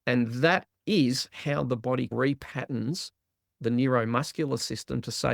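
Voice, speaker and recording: Man, gravelly voice, animated explaining, quoted inner voices, dry close recording. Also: mid-range voice, unhurried, dry recording. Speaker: guest, trauma release exercise practitioner. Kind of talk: explanatory interview talk.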